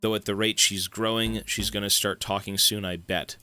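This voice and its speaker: A man reading a calm, eerie little boy. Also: fairly low pitch, moderate pace, music in the background, natural voice. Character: young boy, calm, teeth growing through him.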